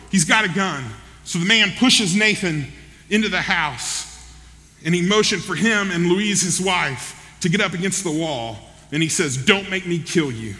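A man's voice: a little high, pushed and bright. A man preaching a sermon, telling a story in a folksy, conversational way and checking in with listeners, heard in a large hall. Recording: long reverb in a large hall.

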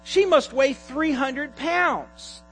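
A man's voice: very high voice, very slow, fairly bright tone, soft background music, pitched above the performer's own voice, heavily acted, low-quality recording. A man putting on a prim, haughty college girl. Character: self-absorbed young woman student, dismissive.

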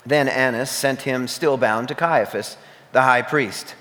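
A man reading scripture aloud at a church service, measured and expressive, in a church sanctuary. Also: medium pitch. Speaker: scripture reader. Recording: reverberant church hall.

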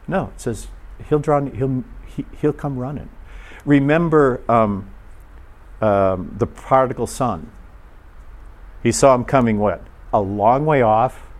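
A man delivers a loose, chatty sermon to a gathered audience. His voice sits in a middle pitch as he asks his listeners questions. He slips into short quoted voices along the way. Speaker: preacher. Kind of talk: conversational sermon.

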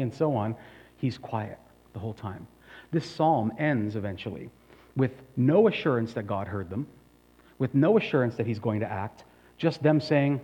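A man preaches a sermon at a mid pitch, throwing himself into the scripture quotes he voices. The sound is dull and lo-fi, as if from a modest recording. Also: normal speed. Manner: animated, dramatic voicing of scripture quotes. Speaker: pastor.

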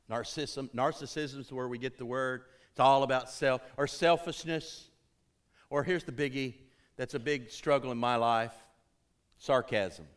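A pastor with a fairly bright tone preaches emphatically to his congregation. His sermon climbs to urgent peaks, then sinks low, and he calls out for responses.

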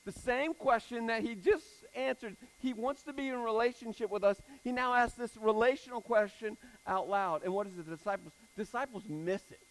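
A man preaching a sermon in a casual, animated style, repeating phrases for emphasis. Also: very high voice, moderate pace, few pauses, rough recording.

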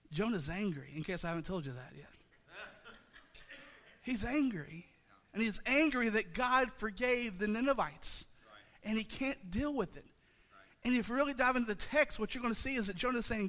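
A man's voice: high-pitched, normal speed, fairly bright tone, long reverb tail. A man preaching a sermon as pastor, passionate and repetitive, calling out to his congregation in a church. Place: church sanctuary.

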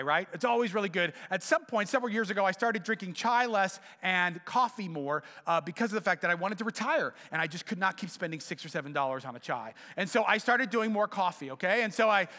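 A middle-aged man preaches a sermon, his voice high and bright, leaping up and down as he tells a story. He sometimes drops to a hushed near whisper for emphasis. The sound carries a long reverb, as in a large hall. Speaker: pastor.

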